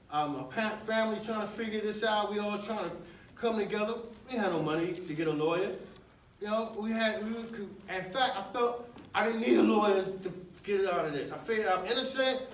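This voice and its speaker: A man with a high voice tells his own story to a live audience in loose, slangy conversation, laughing often. He sits back from the mic in an echoey room with a faint hiss behind him. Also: far from the mic. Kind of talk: live personal storytelling talk. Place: university lecture room with audience.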